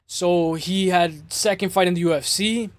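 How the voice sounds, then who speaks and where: This MMA podcast host runs a casual show, excitedly breaking down fights while swearing and repeating himself. His voice is high-pitched at a normal speed, and the recording is dry.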